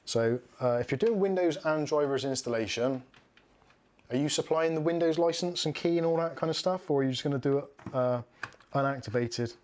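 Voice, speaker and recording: A man's voice: fairly high pitch, a little fast, darkish tone, slight background noise. A man, hosting a casual livestream while building a computer. He talks frankly, in a chatty way, and laughs often. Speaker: streamer building a PC.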